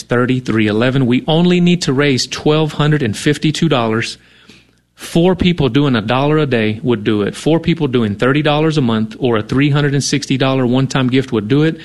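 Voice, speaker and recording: A man's voice: mid-range voice, fairly quick. Earnest radio co-host man making an appeal. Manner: earnest, conversational, many fillers.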